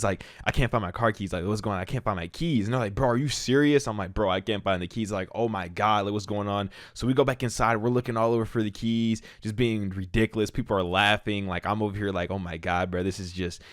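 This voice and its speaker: A young man with a deep, low voice tells a storytime in a loose, rambling way, packing his sentences with "like" and "bro". The sound is dry and close, with no room around it. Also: a bit bright, no echo. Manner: rambling, filler-heavy, frequent "like" and "bro". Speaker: YouTuber. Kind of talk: storytime vlog.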